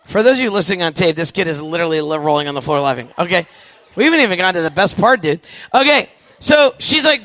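A man in his forties telling a funny story to a youth camp crowd, animated and acting out the voices, with quick asides to the audience. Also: sits high, no room sound. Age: 40s. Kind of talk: comedic storytelling to a live audience.

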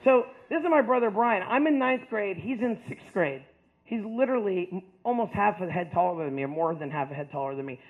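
A high-voiced man speaks to a school audience about his life, talking at a brisk clip. He's animated and joking, swinging from loud punchlines to quieter, plainer stretches as he tells his story to the students. The audio is thin and tinny, like it's coming through a phone line.

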